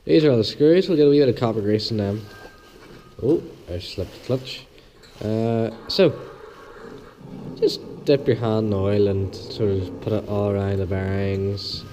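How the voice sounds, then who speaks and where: A man with a hoarse voice from the flu, hosting a casual step-by-step engine repair tutorial, chatty and homely, repeating small instructions. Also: on the low side, a little slow, dark tone, slight background noise, low-quality recording. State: hoarse, losing his voice with flu. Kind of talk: casual step-by-step workshop demonstration.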